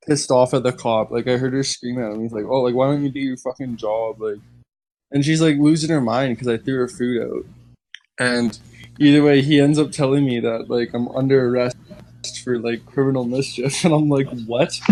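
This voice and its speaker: A man's voice: mid-range voice, darkish tone, poor audio. A young man telling a story in casual podcast chat, rambling with lots of "like" and laughing as he goes. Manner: rambling, heavy use of "like", laughs while telling.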